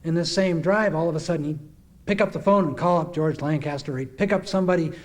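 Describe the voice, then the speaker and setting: Earnest man with a higher voice. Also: fast talker. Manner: earnest, reminiscing, acts out quoted speech. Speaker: speaker giving a testimonial. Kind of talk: heartfelt spoken tribute to a gathering.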